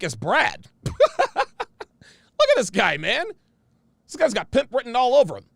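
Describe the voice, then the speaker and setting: Brash male stream host, emphatic and repetitive, lively high delivery with gravel in the voice. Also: dry recording. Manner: brash, emphatic, repeats phrases. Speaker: show host reading viewer comments. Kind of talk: casual livestream commentary.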